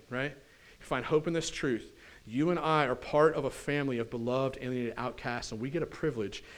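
A pastor preaching a conversational sermon in church, often putting questions to the congregation. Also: male voice, mid-range voice. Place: church sanctuary.

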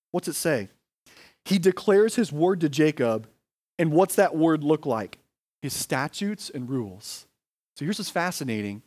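A man with an American accent, a pastor preaching a sermon in a conversational way, often asking "right?" and saying "like". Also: on the high side.

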